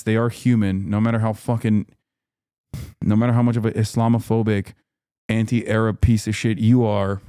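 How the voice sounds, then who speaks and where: A man's voice: on the low side, warm tone, clean tone, dry recording, clean studio sound. Profane, heated male streamer ranting. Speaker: livestream host. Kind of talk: livestream commentary reading chat.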